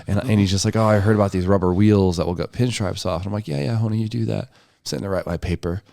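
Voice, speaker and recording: Lowish-voiced young man, animated and swearing. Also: fast, vocal fry, dry recording. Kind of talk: casual chat.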